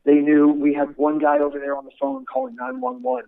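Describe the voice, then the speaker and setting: A slightly high, creaky yet clear and resonant voice with big pitch swings belongs to a former military instructor speaking briskly in an interview about his career. He tells his stories earnestly, often restarting words, over phone-quality sound without echo.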